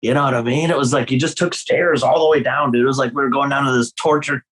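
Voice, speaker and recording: A man telling tour stories with a lot of energy, his pitch jumping high whenever he acts out what someone said. He swears freely and laughs through his own stories, a musician in a loose podcast chat. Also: fairly even intonation, quick pace, a bit bright, poor audio. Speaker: guest guitarist.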